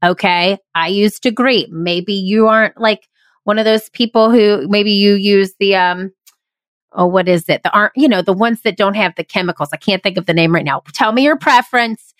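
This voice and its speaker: An energetic woman hosting a solo podcast, speaking in an emphatic, motivational way at a middle pitch. Her voice is recorded close on a podcast microphone in a small closet, with a dry sound and no room echo. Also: normal speed. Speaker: podcast host and improv workshop leader. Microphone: studio podcast microphone.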